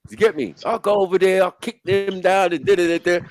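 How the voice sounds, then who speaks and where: A man's voice: sits high, fairly even intonation, fairly quick, creaky, no room sound. A man, casually bantering and joking with friends on a live panel, laughing often and using street slang.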